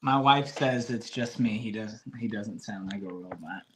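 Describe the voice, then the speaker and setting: A man co-hosting a casual sports podcast, excitable and reacting out loud as he talks. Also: lowish voice, normal speed, a little hiss or hum. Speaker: podcast co-host.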